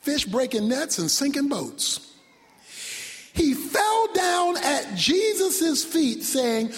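A preacher with a very high, lively voice delivers a sermon. He swings from fervent shouts to low, hushed lines. Everything rings in the long reverb of a big hall. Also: slow. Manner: dramatic, shouting, sudden drops to near whisper.

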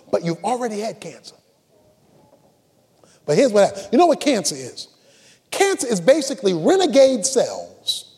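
Male pastor, emphatic repetitive sermon delivery, very lively pitch. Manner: emphatic preaching with repetition and call-and-response. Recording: long reverb of a large hall.

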